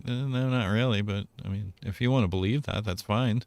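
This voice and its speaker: An American gamer co-host jokes and rambles while playing, laughing often. His voice is lowish, a little mellow, and brisk, recorded dry with no room sound.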